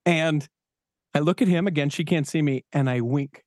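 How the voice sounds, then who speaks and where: A man hosting a podcast, spinning a story with lively acted-out bits. His voice sits a little high for a man. The sound is dry and close, with no room in it. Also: normal speed, dry recording. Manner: animated storyteller, acts out quoted voices. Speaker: podcast host and DJ. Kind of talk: casual storytelling chat.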